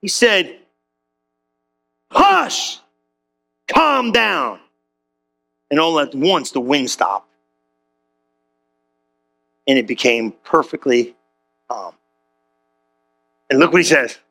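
A man's voice: slow, gravelly, pauses often. A man preaching as a pastor, telling a story with slang and acting out every voice in the dialogue. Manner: animated, slangy, acts out dialogue with big pitch jumps. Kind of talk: comedic storytelling sermon.

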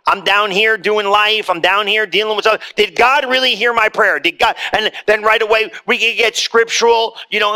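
A man delivering a sermon to a congregation, talking plainly and directly and then lifting into emphatic scripture reading. His voice sits high for a man and has a bright, sharp edge. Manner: conversational preaching, rising to emphatic reading of scripture. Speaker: pastor. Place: church hall with congregation.

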